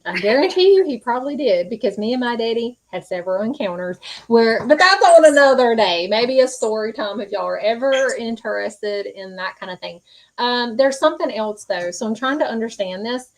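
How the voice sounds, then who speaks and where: A woman's voice: fairly high pitch, expressive, moderate pace, rough recording. A woman hosting a live-stream psychic reading, earnest and reassuring, speaking folksy with many fillers. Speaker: psychic medium host.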